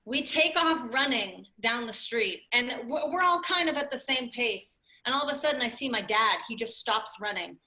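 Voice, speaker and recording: Woman, late twenties, comedian, animated storyteller, bright tone. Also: on the high side, moderate pace, few pauses. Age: late 20s. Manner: animated, laughing storyteller with many "like"s. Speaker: comedian guest.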